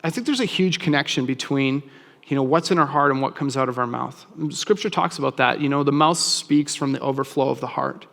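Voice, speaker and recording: Casual-talking pastor in a reverberant hall. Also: male voice, medium pitch, fairly quick, vocal fry, fairly bright tone. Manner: casual, conversational preaching with frequent restarts. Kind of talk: sermon.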